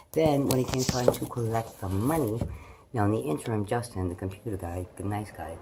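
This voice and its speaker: A woman's voice: extremely low pitch, vocal fry, background noise. A middle-aged woman vlogging from home, rambling loosely, swearing freely and chatting to her pets. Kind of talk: casual rambling chat to camera. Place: at home, indoors. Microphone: phone held in hand.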